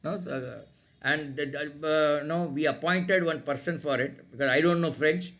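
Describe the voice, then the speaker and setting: A man's voice: fairly high pitch, unhurried, fairly bright tone. A middle-aged man with an Indian English accent teaching an online class, talking in a hesitant way with many fillers and restarts.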